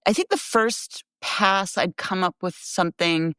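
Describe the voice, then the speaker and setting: A woman's voice: medium pitch, a little slow, bright, forceful tone, clean tone, dry recording, studio quality. A woman filmmaker, a guest on a podcast, telling stories in a casual chat and laughing often.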